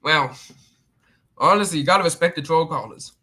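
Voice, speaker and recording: A man's voice: fairly high pitch, moderate pace, sharp tone. A man hosting his own channel, delivering a sarcastic, mocking rant with many restarts. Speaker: channel host.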